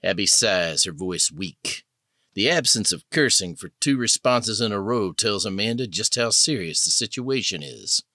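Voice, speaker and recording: A man narrates an audiobook in a measured, descriptive way. His voice is very low yet moves expressively, with a bright, forceful edge. The recording is dry and close. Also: lively intonation, no echo.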